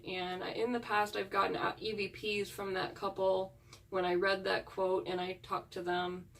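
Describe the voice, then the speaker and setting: A woman's voice: mid-range voice, creaky, a bit bright, recorded from a distance. A woman who hunts ghosts, talking earnestly in a casual chat with her viewers. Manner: chatty and earnest, with frequent fillers. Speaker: paranormal investigator vlogger.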